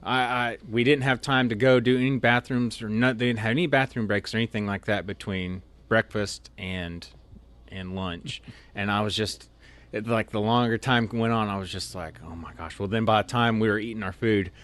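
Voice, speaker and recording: A man's voice: fairly low pitch, a bit bright. A man who is an officer candidate, telling army stories in a rambling, laughing way with many restarts. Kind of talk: casual storytelling in an interview.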